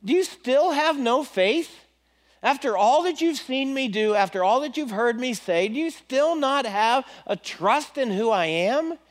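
A man voicing Jesus as a calm male teacher who gently questions his frightened followers in plain modern words. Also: very high-pitched, a little slow, pitched above the performer's own voice. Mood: chiding.

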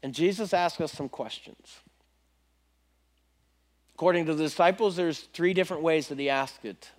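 A man preaching a sermon in a conversational, animated way, often repeating questions to his listeners. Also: on the high side, normal speed, long pauses.

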